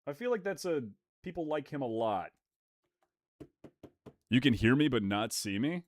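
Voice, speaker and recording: A young man live-streaming, chatting casually with his viewers while opening trading card packs. He is excitable and animated, swears casually and reads the chat aloud. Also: medium pitch, moderate pace.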